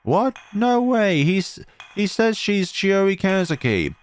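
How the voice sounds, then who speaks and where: A man putting on a bold little girl's squeak. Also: slow pace, exaggerated voice. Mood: surprised. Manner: excited, high squeaky delivery. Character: spirited young village girl, protective and bold.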